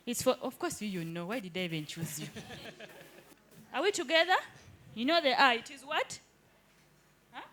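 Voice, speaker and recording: A woman's voice: on the high side, very animated, moderate pace, long pauses, bright, forceful tone. A woman teaching a live hands-on workshop in an indoor training room, keeps checking that the group follows. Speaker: digital skills trainer.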